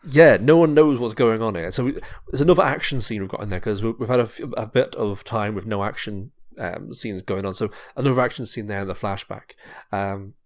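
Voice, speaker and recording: A man on a podcast, casually narrating a pitched story, rambling and repeating words. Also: brisk, hardly any pauses. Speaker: podcast host.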